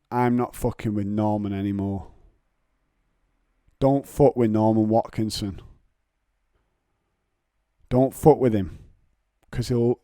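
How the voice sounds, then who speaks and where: A young man, hosting a solo podcast in casual chat, telling jokey stories and putting on high voices to mimic people. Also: dark tone, no room sound, studio quality. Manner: jokey storytelling, acts out voices of others in high pitch. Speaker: podcast host.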